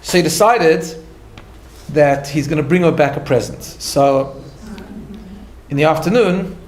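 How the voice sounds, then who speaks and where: A man, a rabbi, giving a conversational lecture, telling a story in an animated way with light laughter at his own asides and frequent restarts. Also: on the high side, a little slow, roomy sound. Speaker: rabbi teaching a class.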